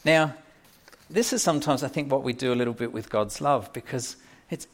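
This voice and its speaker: A man's voice: medium pitch, fairly quick. A man preaching a sermon in a conversational way, with small fillers and restarts.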